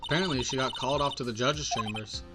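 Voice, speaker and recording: A man's voice: medium pitch, fast, natural voice. Guy playing a nervous young lawyer, dry and self-deprecating, game music behind. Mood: wry. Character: young man defense lawyer, nervous and wry.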